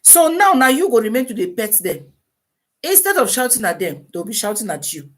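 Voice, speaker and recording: A woman with a Nigerian Pidgin English accent, hosting a casual live-stream advice talk, animated and full of rhetorical questions. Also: on the high side, a little fast.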